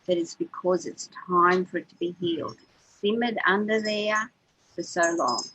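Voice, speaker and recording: A woman's voice: fairly low pitch, measured pace, a bit bright, slight background noise, low-quality recording. An older woman, a co-host on a spiritual radio show, talking earnestly and repeating words as she gathers her thoughts. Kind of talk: heartfelt spiritual chat.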